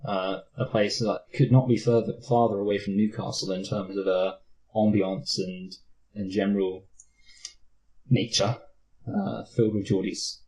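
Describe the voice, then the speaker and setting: This Mancunian podcast co-host speaks a little slowly, in a lowish, darkish voice with fairly even intonation, while rambling through a casual film discussion, teasing himself and adopting daft voices. The recording quality is low.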